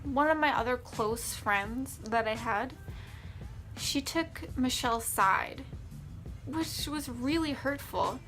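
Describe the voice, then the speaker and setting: A young woman telling a personal story in a candid, rambling vlog, often pausing and restarting. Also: sits high, fairly bright tone, soft background music. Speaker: vlogger.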